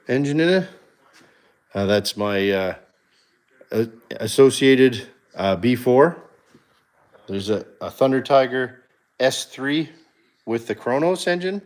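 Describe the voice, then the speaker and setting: A man hosting a casual livestream, touring his home garage in a halting way, with many fillers and self-corrections. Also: medium pitch, darkish tone. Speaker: livestream host.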